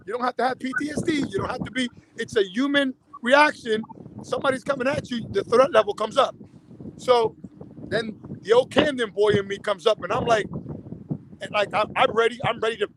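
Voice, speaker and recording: A man, a spiritual fitness coach, telling a personal story in a panel discussion, animated and full of restarts. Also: very high-pitched, slight background noise, low-quality recording.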